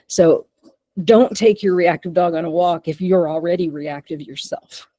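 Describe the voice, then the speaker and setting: A woman presenting a webinar as a dog behavior consultant, talking lively and bursting into loud acted-out lines. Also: on the low side, normal speed, no echo.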